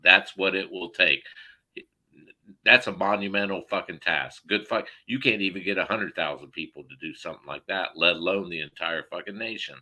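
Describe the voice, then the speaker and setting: Pissed off guy ranting and cussing on a call, low pitch, real sharp tense tone. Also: normal speed, low-quality recording. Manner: profane, heated, loud outbursts. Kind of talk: angry political rant.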